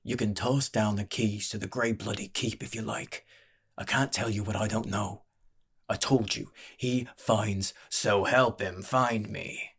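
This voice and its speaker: A man's voice: on the low side, steady tone, measured pace, fairly bright tone, husky, full character voice. A man voicing a weary, pot-bellied old barkeep who talks in a growling, slangy, wheedling way. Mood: gruff.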